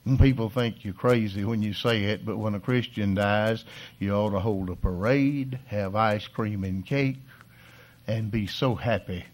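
An older man preaching a sermon in a folksy, animated way, swinging from soft asides to loud exhortation. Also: lowish voice. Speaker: pastor.

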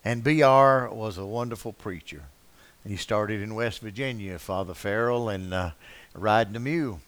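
A man's voice: lowish voice, moderate pace. Older man preaching a folksy sermon. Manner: rambling anecdotes with frequent uh fillers, swinging from loud to soft. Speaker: pastor.

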